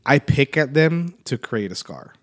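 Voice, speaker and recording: A man with a mid-pitched voice tells a long anecdote on a casual podcast. He talks in a relaxed, easygoing way with the odd swear. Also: a little slow. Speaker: podcast co-host. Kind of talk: casual chat.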